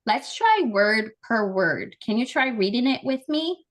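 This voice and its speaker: A woman's voice: a little high, sing-song, measured pace. A woman from Brazil, leading an online language lesson with call-and-repeat drills in an upbeat, encouraging, chatty way over a video call. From Brazil, Amazonas. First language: Portuguese. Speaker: language and culture trainer.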